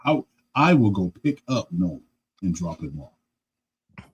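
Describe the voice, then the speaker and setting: Husky low man, lively co-host. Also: slow, muffled recording. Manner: animated, laughs a lot, says "you know what I'm saying". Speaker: podcast co-host. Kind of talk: casual chat.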